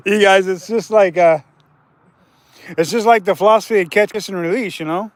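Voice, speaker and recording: A man's voice: high-pitched, no room sound. A man hosting a casual fishing livestream from outdoors by a river, chatting with viewers and laughing often.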